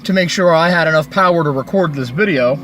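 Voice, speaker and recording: Standing by a road, a vlogger rants furiously into his phone, swearing heavily and laying on the sarcasm. His voice sits on the high side and he talks fast, with a noisy background behind him.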